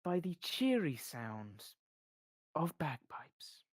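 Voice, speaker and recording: A man's voice: fairly high pitch, very animated, takes it slowly. A man narrating as game master, playful and laughing often.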